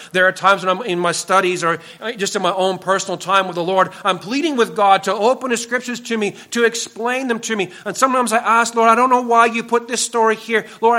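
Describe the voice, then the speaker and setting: Man, pastor, sermon, high voice, earnest emphatic preaching in a church. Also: bright, forceful tone.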